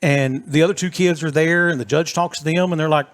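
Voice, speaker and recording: Man telling an animated story. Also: fairly high pitch, fairly quick. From East Texas. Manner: animated storyteller acting out quotes. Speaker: podcast co-host. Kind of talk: casual storytelling chat.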